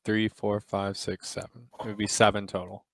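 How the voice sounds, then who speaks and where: A man playing a tabletop role-playing game who talks hesitantly and counts his dice out loud. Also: on the low side, flat delivery, normal speed, creaky, a little hiss or hum. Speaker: player.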